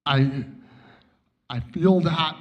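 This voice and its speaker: Halting, grieving man at a eulogy. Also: on the high side. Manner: halting and grieving, repeats words and trails off quietly. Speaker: friend giving a eulogy. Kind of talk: memorial eulogy. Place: church memorial service. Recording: dull, muffled lo-fi recording.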